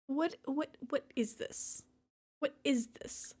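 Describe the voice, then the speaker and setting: A young woman with a high-pitched, somewhat dark voice talks slowly while streaming a life-sim game. She greets chat with constant exclamations and keeps dissolving into helpless laughter, in typical live gaming stream banter.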